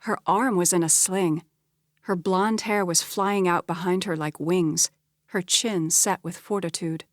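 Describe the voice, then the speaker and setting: A woman narrating a romance audiobook in a steady, scripted storytelling voice. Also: on the low side, measured pace, no room sound, studio quality.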